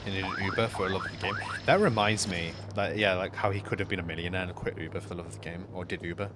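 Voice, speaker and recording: A young man streaming a game, chatting casually and rambling through a story with lots of fillers and restarts, sometimes dropping to quiet mumbled asides. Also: low voice, fairly even intonation, fast talker, very noisy. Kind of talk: casual chat while gaming on stream.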